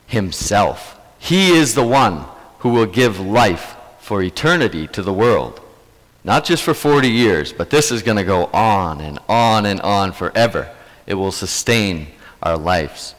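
A male pastor delivering a sermon at an unhurried pace, his pitch rising and falling expressively. He speaks earnestly and repeats phrases for emphasis. His voice carries a long echo, as if in a large church hall. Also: a bit bright. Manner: earnest, repetitive emphatic preaching.

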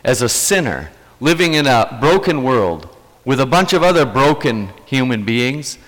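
A man's voice: medium pitch, sing-song, unhurried, fairly bright tone, long reverb tail, low-quality recording. A man preaching a sermon as a pastor, earnest and emphatic, repeating key phrases to drive them home.

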